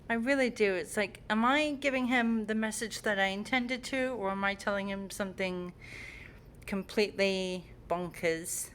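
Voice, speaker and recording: A woman's voice: medium pitch, slight background noise. A young woman at home chatting casually to the camera while playing with her cat, teasing and cooing at him. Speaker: cat owner filming her pet.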